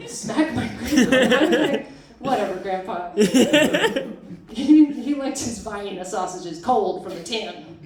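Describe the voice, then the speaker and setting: A woman's voice: medium pitch, lively intonation, slow, crowd noise. A young woman performing a self-deprecating stand-up set at a small arts venue, laughing at her own jokes. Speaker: stand-up comic. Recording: echoey room, distant mic, audience laughter.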